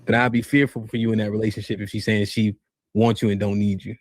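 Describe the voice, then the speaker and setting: A man's voice: fairly low pitch, level tone, fast, dry recording, studio quality. A man hosting a podcast debate, pressing a guest with repeated questions and stumbling over his restarts.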